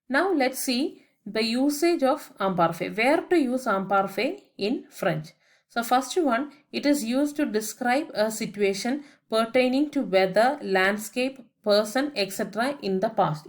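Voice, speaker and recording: Brief: a woman as patient language teacher, grammar voice-over, slow spelling of each word. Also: medium pitch. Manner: methodical, spells words out letter by letter; explains each point with English translations. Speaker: French teacher.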